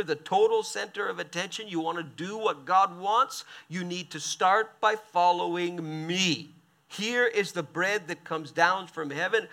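A male preacher delivers a sermon, reading passages aloud and cutting in with quick, animated comments. His voice sits high and sounds bright and tense, with a gravelly edge. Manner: animated, quick asides between read passages.

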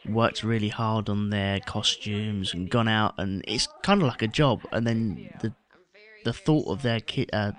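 A man, chatting casually as a podcast co-host in a wry, relaxed way, often trailing off and restarting. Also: fairly low pitch, unhurried. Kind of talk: casual chat.

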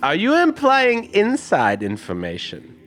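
A man voicing a shrewd, coin-loving male priest, speaking formally and bargaining in measured tones in a tabletop game. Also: high voice, huge pitch swings, pitched above the performer's own voice, full character voice. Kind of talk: tabletop role-play as a character.

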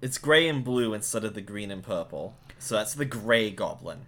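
A man co-hosting a podcast, his voice sitting a bit low. He sums things up in casual chat with a wry, sarcastic edge. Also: lively intonation, normal speed, fairly bright tone. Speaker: podcast co-host.

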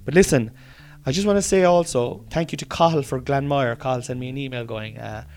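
A man's voice: medium pitch, a little fast, darkish tone. Tired Irish man rambling on a podcast. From Ireland. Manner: rambling, swearing, restarts mid-sentence. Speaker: podcast host. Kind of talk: casual solo podcast diary.

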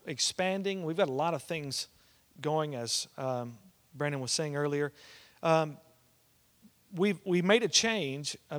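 A man, a pastor preaching and telling a family story, swinging between loud and hushed. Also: a little high. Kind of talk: sermon with personal storytelling.

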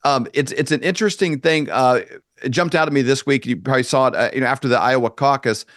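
A man from rural Kansas, a guest on a talk radio show, speaking conversationally with halting restarts. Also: medium pitch, a bit bright, no room sound, clean studio sound.

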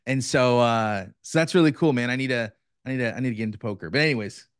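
A man's voice: mid-range voice, fast talker, smooth, no echo, studio quality. A man talking as a podcast guest in casual, friendly chat, often calling the host "bro.".

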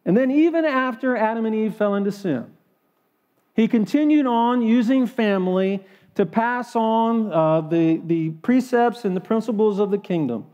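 A man's voice: high voice, normal speed, a little mellow, long reverb tail, muffled recording. A man preaching a sermon in a church, folksy and full of hesitant fillers. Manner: folksy, with frequent fillers and restarts. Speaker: guest preacher.

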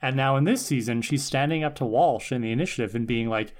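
Man podcast co-host, eager fan talk, mid-pitched voice. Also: fast, hardly any pauses. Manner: enthusiastic, some restarts. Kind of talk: casual fan discussion.

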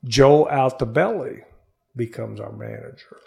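A man's voice: medium pitch, measured pace, creaky. A man, a guest in a studio interview, telling a long personal story and acting out the voices of the people in it. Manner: animated storyteller who acts out quoted voices.

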